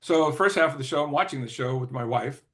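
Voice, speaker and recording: Older guy spinning a long rambly story, keeps saying you know, clears his throat a lot, middle pitched. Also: animated, fast, a bit bright. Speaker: interview guest, former record executive. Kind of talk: casual anecdotal storytelling.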